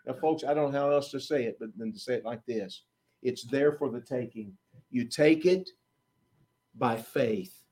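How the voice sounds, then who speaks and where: A man preaching a sermon, emphatic, swinging between loud declarations and hushed asides, and acting out quoted prayers and questions. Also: mid-range voice, moderate pace.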